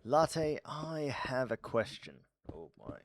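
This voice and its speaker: A man's voice: mid-range voice, sing-song, slow, slight background noise. A man streaming live and chatting casually with his viewers, laughing often and stammering through his reactions.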